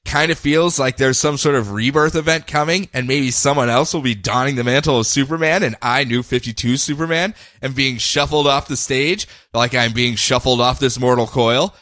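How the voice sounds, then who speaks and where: A man's voice: mid-range voice, normal speed, hardly any pauses, dry recording, clean studio sound, close to an everyday voice. A man playing Superman, weary and wry. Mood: resigned. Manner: wry, deadpan self-pity. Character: dying male superhero, weary and resigned.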